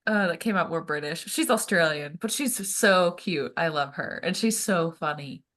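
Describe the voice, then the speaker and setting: A woman co-hosting a podcast in casual chat, animated and gushing, laughing often. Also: fairly low pitch, normal speed. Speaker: podcast co-host.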